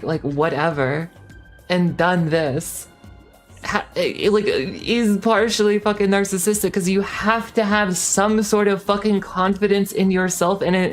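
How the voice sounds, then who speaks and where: A young woman in her twenties, a streamer ranting casually, heated and swearing with lots of fillers and restarts. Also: lowish voice. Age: 20s. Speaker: VTuber streamer.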